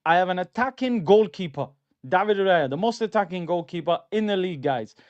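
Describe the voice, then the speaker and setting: A bragging football manager, as a man mimics him boasts in a mock-grand tone, tacking "guys" onto his lines. The voice sits raised and high. The sound is dry and close. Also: unhurried, clean tone, dry recording, lo-fi sound. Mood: mock boastful.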